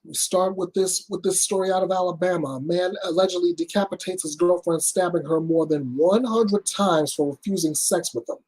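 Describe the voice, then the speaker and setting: A man's voice: high voice, normal speed, few pauses, darkish tone. A man hosting his own news show, reading reports and giving blunt, emphatic commentary.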